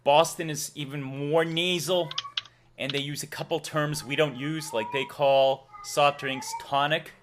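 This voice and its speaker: A man's voice: a little high, steady tone, unhurried, background noise. A man with a Massachusetts accent hosting a live stream, chatting casually, laughing often and reading out donations. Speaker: streamer host.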